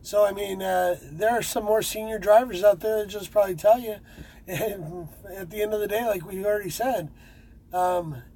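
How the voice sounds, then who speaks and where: A man's voice: sits high, normal speed, vocal fry, warm tone, breathy edge, rough recording. A man who drives trucks, chatting casually and rambling with many fillers and restarts. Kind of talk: casual chat.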